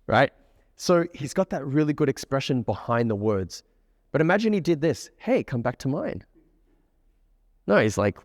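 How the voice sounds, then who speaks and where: A man with an Australian accent giving a lively presentation as a dating coach, acting out example voices. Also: medium pitch, normal speed, big-room sound. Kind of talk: presentation to a group.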